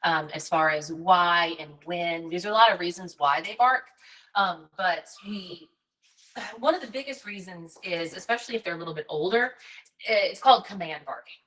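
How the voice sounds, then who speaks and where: A woman's voice: moderate pace, a bit bright, recorded from a distance, poor audio. A woman hosting a casual chat and answering a viewer question. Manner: chatty, drops into high baby talk with puppies. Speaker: host.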